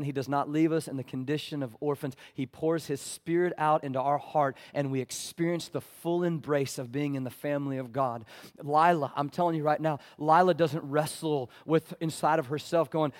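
A man preaching a sermon as pastor, swinging from loud pleading passages to hushed ones and calling for amens from the congregation. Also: fairly high pitch, fairly even intonation, moderate pace. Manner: calls for "amen" from the congregation.

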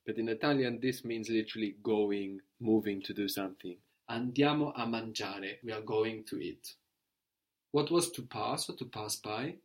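A man teaching a guided language lesson, asking prompting questions and slowing down to model phrases. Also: lowish voice.

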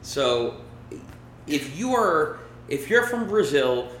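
A man's voice: on the high side, very animated, slow pace, fairly bright tone, roomy sound, a little hiss or hum. A man in casual banter as a podcast co-host, laid-back and rambling, swearing now and then. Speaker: podcast co-host picking fights. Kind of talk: casual chat.

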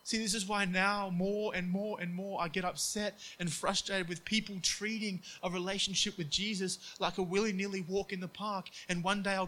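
A man preaching a sermon earnestly, acting out quoted voices in hushed tones. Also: high voice, poor audio.

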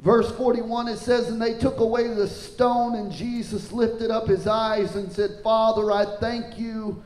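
A man's voice: unhurried, roomy sound, rough recording. A man preaching a sermon, reading scripture aloud and stopping to ask the listeners whether they understand. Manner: animated, rising pitch when quoting scripture; asks the congregation questions.

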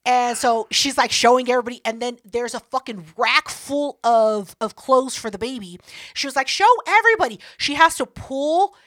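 A woman's voice: a little high, normal speed, no room sound. A woman in her thirties hosting a podcast, telling a story in casual chat, swearing a lot and acting out what other people said. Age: 30s. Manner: profane, animated, acts out other people's lines. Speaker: podcast host.

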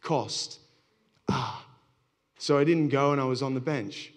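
A man's voice: medium pitch, normal speed. A man, a pastor, giving a sermon in a candid, self-deprecating storytelling way.

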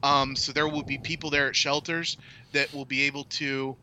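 A man's voice: mid-range voice, little pitch movement, normal speed, sharp tone, slight background noise. A man on a casual podcast laying out his opinion with lots of ums and some swearing. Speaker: podcast co-host. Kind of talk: casual chat.

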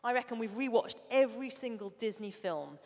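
A middle-aged woman preaching a sermon, an animated storyteller who sometimes drops to a soft near-whisper. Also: fairly high pitch, a little fast. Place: church hall. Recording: long reverb of a large hall.

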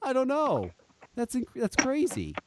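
A man hosting a podcast in casual chat, an animated storyteller who swears freely. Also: unhurried, background noise. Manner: animated, swearing storyteller with lively pitch swings. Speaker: podcast host.

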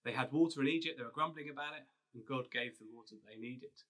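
Bright-voiced man preaching casually. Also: mid-range voice, fast. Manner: storytelling, conversational with restarts and fillers. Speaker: pastor. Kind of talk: sermon.

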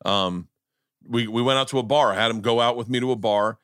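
A man's voice: medium pitch, brisk, fairly bright tone, clean tone, dry recording, clean studio sound. A man hosting a podcast, telling rowdy stories in casual chat, swearing freely and laughing along. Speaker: podcast host.

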